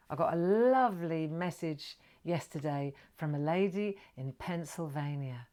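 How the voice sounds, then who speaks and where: A woman's voice: deep voice, animated, unhurried, hardly any pauses. Chatty woman hosting a craft stream. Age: middle-aged. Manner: chatty, greets viewers brightly, drops to whispers. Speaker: craft livestream host.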